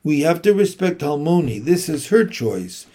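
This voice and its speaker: A man reading an audiobook, voicing a weary, gentle mother who speaks softly and carefully. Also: fairly high pitch, big pitch swings. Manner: soft, careful, measured.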